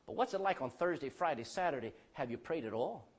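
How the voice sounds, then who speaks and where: A pastor preaching a sermon, calling out for amens and dropping between loud bursts and hushed lines. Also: male voice, fairly high pitch, expressive, quick pace, husky. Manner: calls for amen from the congregation.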